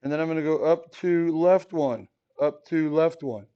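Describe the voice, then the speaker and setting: Joking math teacher talking to a class. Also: male voice, fairly high pitch, normal speed, smooth. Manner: casual, jokey, asks the class questions. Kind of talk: classroom lesson. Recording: dull lo-fi classroom recording.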